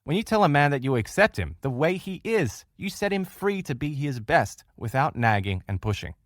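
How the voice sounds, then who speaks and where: A man's voice: on the high side, sing-song, normal speed, no echo, clean studio sound. A man teaching a recorded relationship lesson, talking straight to listeners and acting out the quoted voices of others. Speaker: relationship course instructor.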